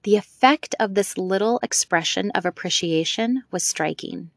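A woman's voice: mid-range voice, normal speed, dry recording, studio quality. A woman narrating an amateur audiobook, with informal asides to listeners. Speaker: audiobook reader.

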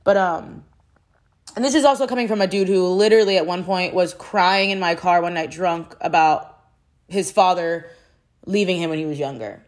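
A woman's voice: lowish voice, moderate pace. A young woman venting frankly about a bad relationship, swearing often and rambling with restarts. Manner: frustrated and exasperated. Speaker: vlogger. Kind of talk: candid personal vent.

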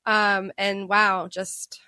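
Bright, chatty woman podcast host. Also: mid-range voice, little pitch movement, drawn-out words, no room sound. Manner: chatty storyteller, laughs often. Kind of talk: casual chat.

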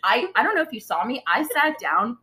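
A woman's voice: fairly high pitch, fairly quick. A woman in casual chat, retelling a story dramatically and filling her speech with "like". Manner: expressive, dramatic retelling with lots of "like".

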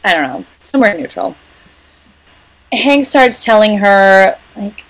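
A woman's voice: medium pitch, expressive, measured pace, long pauses, rough recording. A woman co-hosting a podcast, casually recapping the plot of an episode scene by scene. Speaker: podcast co-host. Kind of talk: casual chat.

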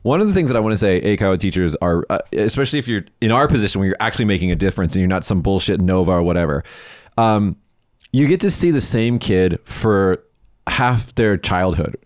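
Blunt, lively-voiced man. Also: low-pitched, a little fast, dry recording, studio quality. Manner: profane, blunt storytelling with acted quotes. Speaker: podcast host. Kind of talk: casual chat. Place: lives in Japan.

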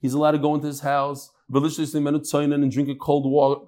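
A man's voice: on the high side, unhurried. A man teaching a Talmud class to a live audience into a microphone, joking and acting out the people in his stories. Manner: animated, joking storyteller acting out quoted speakers. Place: lecture room with live audience.

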